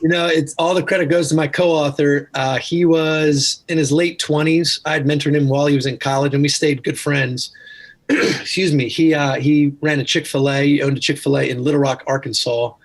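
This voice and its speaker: Husky-voiced man telling stories. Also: fairly high pitch, steady tone, moderate pace. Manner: earnest, anecdotal, with many restarts. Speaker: podcast guest, author. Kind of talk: casual storytelling interview.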